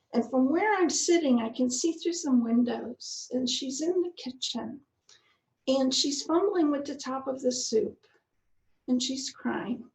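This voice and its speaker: A woman's voice: sits high, darkish tone, reverberant, poor audio. A woman sharing a personal faith testimony in an earnest, heartfelt storytelling manner. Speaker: guest speaker.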